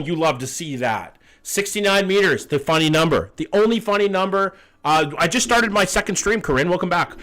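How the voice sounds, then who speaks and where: A young man streams a guessing game, talking loosely and swearing a lot between greetings to viewers. His voice sits a little higher than most men's. He rambles, jokes and hypes up good rounds. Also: lively intonation, a little fast, a bit bright. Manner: chatty, profane, greets chat often. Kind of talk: casual live-stream commentary.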